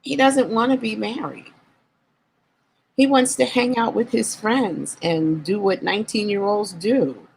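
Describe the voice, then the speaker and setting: A woman guest on an interview show, candidly recounting her life in an earnest, reflective way and slowing down on painful memories. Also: medium pitch, gravelly, darkish tone, a little hiss or hum, low-quality recording. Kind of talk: candid personal storytelling.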